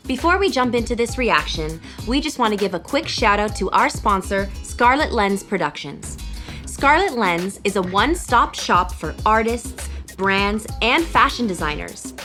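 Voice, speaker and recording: Woman, sponsor read, upbeat, bright and lively. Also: medium pitch, moderate pace, faint music behind. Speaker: group member reading a sponsor message.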